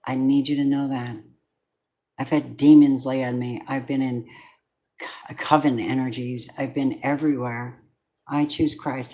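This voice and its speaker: A woman's voice: very deep voice, little pitch movement, measured pace, long pauses, warm tone. A woman giving a collective tarot reading in a rambling, candid way, swearing often and drifting into spiritual asides. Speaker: tarot reader.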